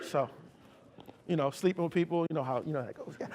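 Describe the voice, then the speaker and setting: A man giving a live motivational talk on leadership, telling a story with many repeats and restarts, swinging between loud bursts and quiet asides, and calling on the crowd to answer. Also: on the high side, lively intonation, quick pace. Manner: addresses the crowd directly, calls for responses.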